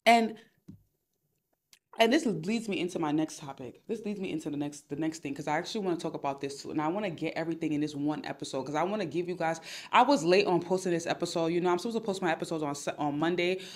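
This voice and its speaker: A woman's voice: low-pitched, quick pace. Emphatic straight-talking woman podcast host. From Nigeria. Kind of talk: advice podcast talk.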